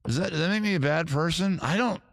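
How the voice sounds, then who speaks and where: A man hosting a music livestream, chatting casually and jokingly in a rambling, animated way and tripping over his words. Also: a little high, fast, vocal fry, no room sound, studio quality. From United States. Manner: rambling, animated, self-interrupting with stutters. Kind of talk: casual joking chat between songs. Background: loud guitar music.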